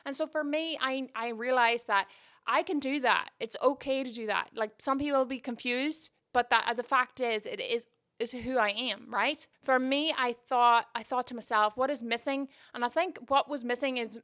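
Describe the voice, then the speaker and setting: A woman's voice: fairly high pitch, moderate pace, fairly bright tone. A woman from Northern Ireland with a mostly Canadian accent and traces of Northern Irish, hosting a casual podcast monologue close to the mic, candid and reflective with frequent restarts. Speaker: podcast host. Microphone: close microphone.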